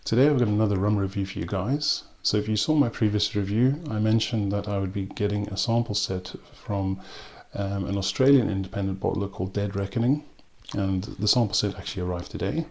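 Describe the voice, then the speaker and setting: A man hosting his own channel, reviewing a spirit in an easy, unhurried way, listing flavours in short bits with hums and ums. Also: on the low side, darkish tone. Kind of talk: casual tasting review.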